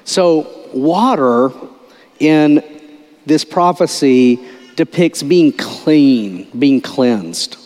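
A man's voice: fairly high pitch, animated, very slow, a little mellow, long reverb tail, soft background music. A male pastor preaching an informal, conversational sermon, often repeating words and quizzing his listeners.

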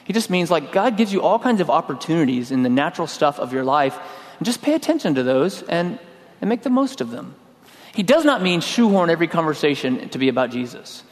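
A middle-aged man preaching a sermon in a relaxed, conversational way, telling a personal story and acting out his own lines. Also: on the high side, brisk. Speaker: pastor. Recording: long hall reverb.

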